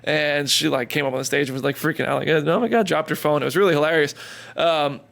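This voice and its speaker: A man's voice: fairly high pitch, level tone, fast, gravelly, a bit bright. A man co-hosting a podcast, chatting casually and telling stories, quoting people in put-on voices. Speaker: podcast co-host. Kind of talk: casual chat.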